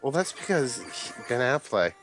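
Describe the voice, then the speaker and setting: A young man streaming a game, chatting casually and quoting people in a lively raised voice. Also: medium pitch, moderate pace, gravelly, soft background music. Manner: animated storyteller, quotes others in raised voice. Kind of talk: casual chat while gaming live.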